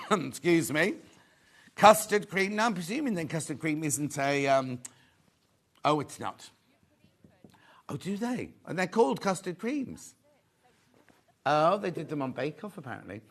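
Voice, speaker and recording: A man hosting a live sewing sales show from a TV studio, chatting away as he reads out viewer comments. His voice sits a little higher than most men's and bounces around a lot as he talks. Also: very animated, measured pace, pauses often, pushed and bright. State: out of breath. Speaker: shopping channel presenter.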